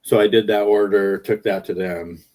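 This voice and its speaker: Rambling low-voiced man chatting on stream. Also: steady tone, moderate pace, a little mellow. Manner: rambling, jokey, reads viewer comments aloud. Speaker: livestream host. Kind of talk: casual livestream chat reading comments. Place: in a car.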